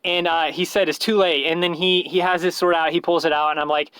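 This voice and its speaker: Rambling man with a high voice. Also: little pitch movement, fairly quick, a bit bright, smooth, no room sound. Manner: rambling, hesitant, many fillers and restarts; chuckling, self-mocking. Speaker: YouTuber telling a story. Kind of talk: casual rambling storytelling.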